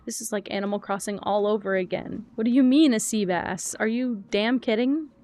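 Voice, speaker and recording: A woman's voice: mid-range voice, moderate pace, darkish tone. A woman streamer chatting casually while playing a game, rambling from thought to thought and answering her chat.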